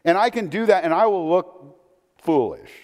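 Guy preaching, lively up-and-down voice, slightly high, long hall echo. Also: normal speed. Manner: animated, conversational preaching with asides. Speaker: pastor. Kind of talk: sermon.

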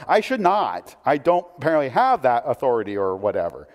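A man preaching a sermon in a conversational, animated way, with asides and questions to the listeners. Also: a little high, fairly quick, hardly any pauses. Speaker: pastor. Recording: long hall reverb.

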